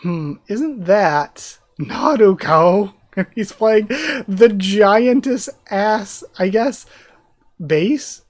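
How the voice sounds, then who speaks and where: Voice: mid-range voice, lively intonation, drawn-out words. Laughing manga reader at a close mic. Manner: reads character dialogue in a near-normal voice, breaks into laughter. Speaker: manga readthrough host. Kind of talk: reading a manga aloud with commentary.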